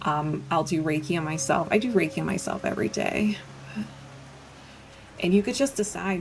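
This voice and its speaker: A woman's voice: fairly low pitch, moderate pace, pauses often, slight background noise. A woman hosting a live Reiki session, chatting casually and rambling as she answers viewers, laughing often. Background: soft background music.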